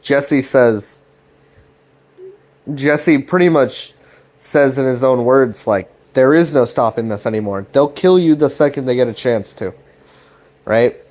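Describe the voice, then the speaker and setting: A man's voice: medium pitch, a little slow, long pauses, a little mellow. A man casually retelling a web series scene by scene, swearing freely and paraphrasing the characters' lines in a loose, rambling way. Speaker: commentary channel host.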